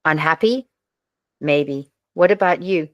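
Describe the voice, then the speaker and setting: A woman reading the lines of a weary, brooding male detective in a terse, flat way. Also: low voice, takes it slowly, no echo, dull audio.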